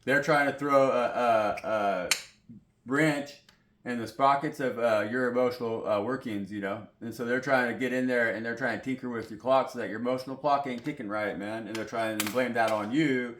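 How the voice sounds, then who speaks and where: A man's voice: mid-range voice, fairly even intonation, normal speed, fairly bright tone. Male tarot reader, casual and rambling, swears a lot, mid-range voice, echoey room with light background noise. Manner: rambling, profane, full of "you know" fillers. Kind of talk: casual tarot reading to camera.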